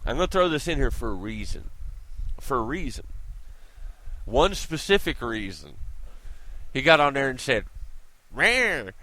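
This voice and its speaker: A man's voice: on the high side, fairly bright tone, dry recording, poor audio. A man ranting to camera in a vlog, blunt and profane, with mocking street slang. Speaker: vlogger. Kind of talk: angry profane rant to camera.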